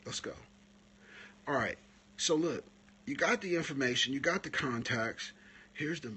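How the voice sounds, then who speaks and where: A man hosting a live stream, coaching photographers in a casual, animated talk that climbs higher when he retells stories. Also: normal speed, pauses often, a little hiss or hum.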